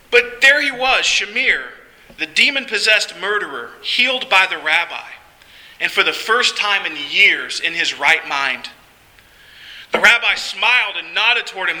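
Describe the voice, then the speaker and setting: A man's voice: high-pitched, pushed and bright, low-quality recording. A man narrating a first-person story in an earnest, dramatic storytelling manner.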